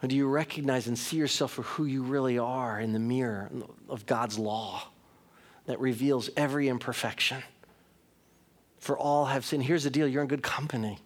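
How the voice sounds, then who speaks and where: In a steady, mid-range voice at normal speed, a middle-aged pastor preaches earnestly. He speaks right to his audience, occasionally building to emphasis.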